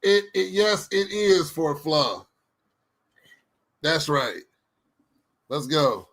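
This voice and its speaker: A man's voice: fairly high pitch, big pitch swings, extremely slow, a bit bright. A man co-hosting a casual sports podcast, joking and laughing often. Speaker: co-host.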